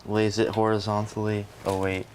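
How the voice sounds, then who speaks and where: A man's voice: fairly low pitch, completely flat delivery, moderate pace, background noise. A man casually chatting and teasing a friend while helping build a computer. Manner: teasing, dry remarks.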